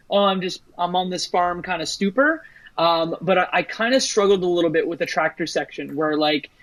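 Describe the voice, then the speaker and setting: A man's voice: a little high, dry recording, poor audio. A man talks through a game on a podcast in a slightly raised voice. He chats easily, filling his sentences with "like" and "you know." The sound is dry and close, with no room around it. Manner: chatty, leans on "like" and "you know". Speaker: podcast co-host. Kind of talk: casual chat about a video game.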